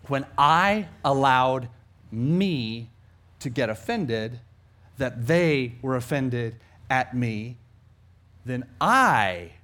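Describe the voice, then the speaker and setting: Animated preaching man, lively pitch. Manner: animated preaching, swings between loud emphasis and quiet asides. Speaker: pastor. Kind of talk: sermon.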